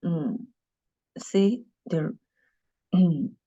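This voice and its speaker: A woman teaches over a video call, talking very slowly and patiently. Her voice sits a little low, and she repeats each word and often clears her throat. The call audio is dull and lo-fi. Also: lively intonation, warm tone. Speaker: Mandarin teacher. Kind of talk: online dictation lesson.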